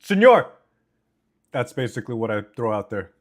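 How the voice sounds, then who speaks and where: A man's voice: medium pitch, normal speed. A man live-streaming from home, chatting casually and reading chat aloud while eating, on a desk mic. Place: home, indoors. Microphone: desk mic with noise cancellation.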